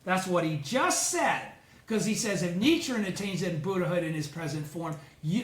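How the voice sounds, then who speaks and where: A man leading a study group, reading scripture aloud and explaining it with slow, emphatic asides. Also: high voice, a bit bright, reverberant.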